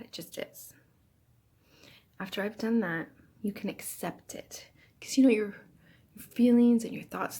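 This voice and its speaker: A woman speaking as a self-help speaker in a casual personal talk, earnest, often dropping into soft near-whispers. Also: fairly low pitch, creaky, husky.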